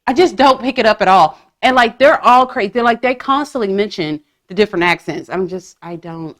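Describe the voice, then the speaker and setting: A woman's voice: medium pitch, expressive, brisk, few pauses, a bit bright. A woman hosting a podcast, chatting casually with swearing and gossipy humor. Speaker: podcast host. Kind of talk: casual chat.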